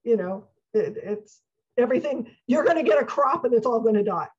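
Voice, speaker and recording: Brief: chatty female guest, husky high voice, muffled lo-fi recording. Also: lively intonation, brisk. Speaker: guest, coach. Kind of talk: casual conversation.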